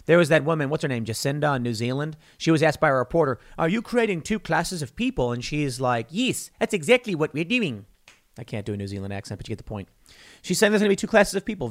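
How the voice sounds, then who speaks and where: Man, fairly high voice, solo commentary host, opinionated, emphatic, conversational.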